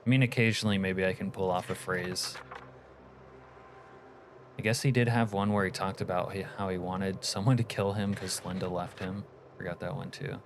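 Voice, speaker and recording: A young man talks loosely while he plays, drifting from one chat question to the next in a laid-back, rambling way. His voice sits fairly low, and a faint layer of background noise runs under the recording. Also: flat delivery, moderate pace. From United States. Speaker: streamer. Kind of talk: casual livestream chat while gaming.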